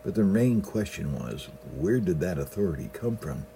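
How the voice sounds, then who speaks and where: A man's voice: low voice, big pitch swings, moderate pace, vocal fry, dark tone, slight background noise. A middle-aged male pastor giving a sermon in a folksy storytelling manner, often opening his sentences with "well".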